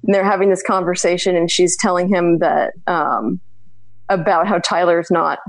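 A woman's voice: fairly low pitch, steady tone, normal speed, no echo, rough recording. A woman calling in to a live show, talking casually and searching for her words. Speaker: caller. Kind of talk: casual call-in chat.

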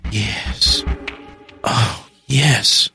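A man reading a horror story and voicing a seductive, sinister woman in a soft, breathy way, close to his own low voice. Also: animated, extremely slow, faint music behind, exaggerated voice. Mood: sultry.

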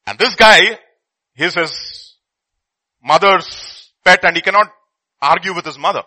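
A middle-aged man telling a story in a sermon, swinging between loud and hushed. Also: high-pitched, unhurried, dry recording, low-quality recording.

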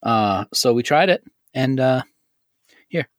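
A man's voice: medium pitch, lively intonation, slow pace, no room sound. A man co-hosting a podcast, chatting casually with a friend, teasing and often laughing. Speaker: podcast co-host. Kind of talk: casual banter and read credits.

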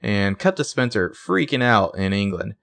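A man's voice: lowish voice, animated, normal speed, vocal fry, fairly bright tone, no room sound. A man co-hosting a casual TV recap podcast, chatting with dry, sarcastic asides. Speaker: podcast co-host.

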